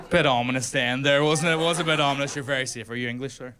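A man's voice: mid-range voice, fairly even intonation, racing, few pauses, crowd noise. A man with a Northern Irish accent doing a stand-up comedy set, punchy and teasing the audience. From Northern Ireland.

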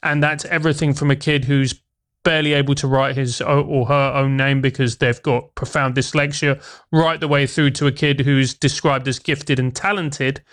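A man's voice: medium pitch, little pitch movement, normal speed, a bit bright. A man, a former teacher turned comedian, speaking as a guest in a radio interview, articulate and emphatic.

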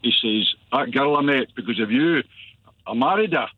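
A man's voice: medium pitch, animated, moderate pace, husky, dry recording. An older man with a Scottish accent rambles happily through a story, full of "uh"s and asides. He is heard over a tinny, dry phone line, as a caller to a radio phone-in. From Scotland. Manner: rambling, enthusiastic anecdote-teller with many fillers. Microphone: telephone.

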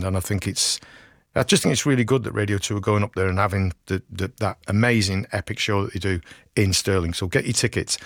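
A man's voice: on the low side, no room sound. A man presenting a rock radio show, chatting enthusiastically and self-deprecatingly with fillers, at a studio microphone. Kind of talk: casual radio DJ chat.

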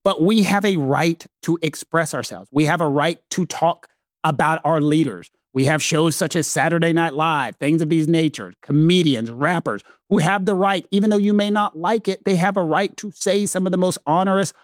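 A man with a Southern American accent explains legal ideas in a casual talk-show conversation, leaning hard on key words and stretching them out for emphasis. His voice sits a little high for a man. The recording is close and dry, with almost no room sound. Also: no echo. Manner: emphatic, slows down to stress key points. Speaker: legal podcast co-host.

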